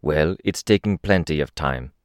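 A man's voice: rumbling low, normal speed, clean tone, no echo, studio quality. A man voicing a hulking, impatient masked man who talks in a growl. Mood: impatient, gruff.

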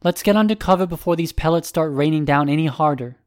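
A man reading an audiobook voices a young heroine in a calm, steady, slightly raised voice. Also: on the high side, quick pace, no room sound, clean studio sound, voice pushed up, natural voice. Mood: weary. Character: young heroine with silver hair powers.

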